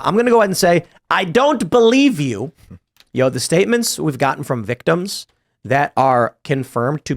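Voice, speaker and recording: Sarcastic man host reading the news. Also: a little high. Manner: sarcastic, incredulous commentary. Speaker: show host. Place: podcast studio.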